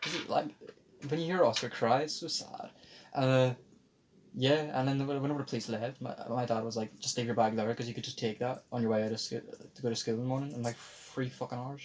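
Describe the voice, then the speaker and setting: A man's voice: medium pitch, steady tone, brisk. A young man, telling a rambling, sweary story on a casual podcast. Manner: rambling, swears a lot, mimics others in quotes. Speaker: podcast host. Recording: faint background noise.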